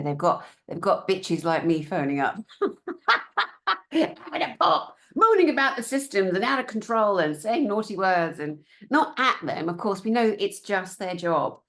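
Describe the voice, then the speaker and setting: A woman's voice: lowish voice, moderate pace, gravelly, few pauses. A woman from Britain with a British accent, giving a conference talk. She is blunt, sarcastic and swears freely, and she mocks officials in put-on voices. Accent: British English. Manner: animated, sarcastic, mimics officials in mocking voices. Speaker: conference speaker.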